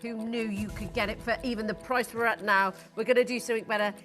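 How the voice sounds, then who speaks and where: A woman hosts a live shopping broadcast from a studio. Her voice is high and bright, and she speaks in an excitable, upbeat way. Faint music plays underneath. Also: fast. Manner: upbeat, excitable, counting down stock. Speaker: shopping channel presenter.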